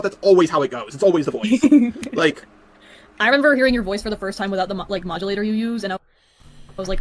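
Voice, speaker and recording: A young man on a call, talking quickly and haltingly with nervous restarts. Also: on the high side, expressive, a bit bright, slight background noise. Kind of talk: casual chat on a call.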